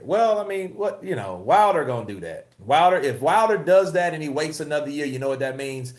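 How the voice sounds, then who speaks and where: A man's voice: on the high side, expressive, fairly quick, few pauses. A man hosting a casual live-stream about boxing news, swearing, laughing and reading the chat. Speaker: host.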